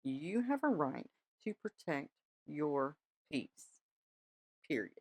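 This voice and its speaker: Slow and husky, this woman's deep voice swings widely in pitch, recorded with no echo. She hosts a podcast of casual spiritual talk, chatty and reassuring, often asking her listeners "all right?"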